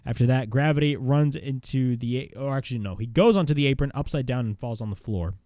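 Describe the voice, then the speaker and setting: A man's voice: medium pitch, fast, dark tone, no echo, studio quality. A man reviewing a wrestling show in casual chat, recapping moves play by play and swearing bluntly.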